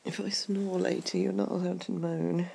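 A person doing a whispered role-play, murmuring softly and sleepily as an unwell partner being cared for. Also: mid-range voice, a little hiss or hum. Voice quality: gravelly creak. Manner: soft, sleepy, affectionate murmuring.

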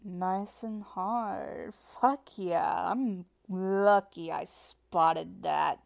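A woman's voice: mid-range voice, slow, vocal fry, a little mellow. A woman in a whispered role-play, teasing and playful, laughing often and cracking corny jokes. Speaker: audio role-play performer.

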